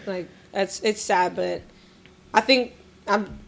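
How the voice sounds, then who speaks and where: A woman co-hosts a casual chat podcast and talks things through in a thoughtful, hesitant way. Her voice has a gravelly fry, and her sentences often fade off quietly at the end. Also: medium pitch, slow, over a noisy crowd. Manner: reflective, hesitant, trails off softly. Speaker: podcast co-host.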